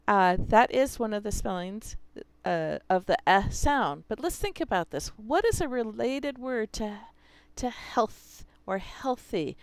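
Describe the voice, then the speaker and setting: A woman's voice: fairly high pitch, sing-song, unhurried, smooth, dry recording. A woman teacher explaining how she teaches spelling, talking through her students' examples as she goes. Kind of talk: instructional video.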